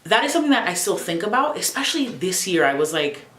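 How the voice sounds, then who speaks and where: A young adult woman vlogging casually at home, expressive, profane and sassy. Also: mid-range voice, fast talker, echoey room, slight background noise. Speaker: YouTuber. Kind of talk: casual reflective vlog.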